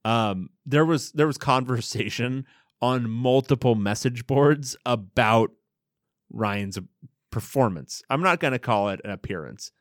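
A man's voice: medium pitch, unhurried, no room sound, clean studio sound. A man co-hosting a podcast in casual chat, joking as he reads out a list of fan favorites. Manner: joking, mock-grand listing of fan favorites. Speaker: podcast co-host.

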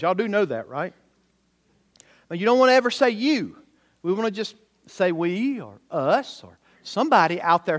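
A man's voice: high voice, a bit bright. A man preaching a sermon, emphatic and often putting rhetorical questions to the congregation. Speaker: pastor.

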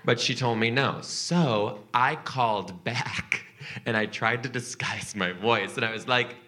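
A man doing stand-up crowd work and telling a story, animated, profane and teasing with the audience. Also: medium pitch, unhurried. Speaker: comedian and podcast host.

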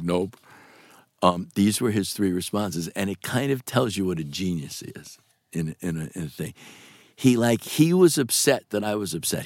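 A man in his sixties from New with a gravelly voice, animatedly telling stories in a casual interview. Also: dry recording, studio quality. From New York. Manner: animated, swings pitch for quoted voices. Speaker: actor guest.

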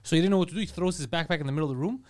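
A man co-hosting a podcast in casual chat, telling stories excitedly and swearing often. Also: on the high side. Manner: excitable, fast storytelling with swearing. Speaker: podcast co-host.

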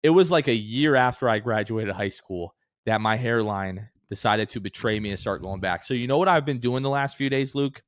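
A young man in his twenties co-hosts a casual sports podcast, telling stories with animated energy and jumping high in pitch when he acts out other people's lines. His voice sits at a middle pitch and is recorded dry and close to the mic. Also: moderate pace, hardly any pauses, no room sound. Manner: animated storyteller, acts out quotes with big pitch jumps. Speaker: podcast co-host.

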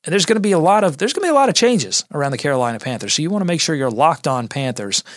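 A man hosting a basketball podcast, talking through game strategy and signing off with plugs for the show, energetic with quick asides. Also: a little high, dry recording, clean studio sound. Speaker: podcast host. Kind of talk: sports podcast analysis.

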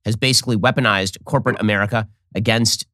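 A man hosting an interview, laying out competing arguments in a brisk, argumentative way. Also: fairly low pitch, fairly even intonation, pushed and bright, no echo, clean studio sound. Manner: rapid, argumentative, lays out positions. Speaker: podcast host. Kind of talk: interview discussion.

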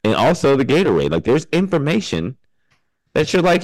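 A man's voice: medium pitch, huge pitch swings, moderate pace, darkish tone, no room sound, low-quality recording. A man hosting a casual podcast, laughing often and breaking in to read sponsor spots. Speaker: podcast host.

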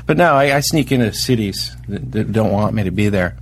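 A man in casual comedic conversation, telling rambling, exaggerated stories in a deadpan way. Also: lowish voice, fairly quick, a little hiss or hum.

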